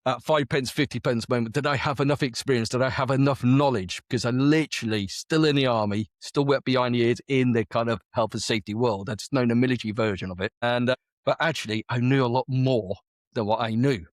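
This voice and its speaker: A man's voice: medium pitch, brisk, no room sound. A man on close mic, a guest telling a story in a casual interview, chatty and repeating words as he goes. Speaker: guest, veteran business owner.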